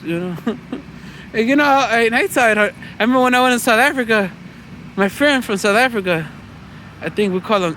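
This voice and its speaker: A man's voice: high-pitched, fairly bright tone, slight background noise. A Mexican-American man from the States talking outdoors in a loose, chatty vlog monologue, full of "you know" and "man" and swearing. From United States. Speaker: vlogger. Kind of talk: rambling casual monologue.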